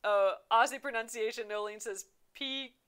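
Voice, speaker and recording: Young woman on a craft livestream, bright voice, chatty and laughing a lot while she reads comments. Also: medium pitch, animated, normal speed. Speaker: embroidery livestream host. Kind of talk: casual live chat reading comments.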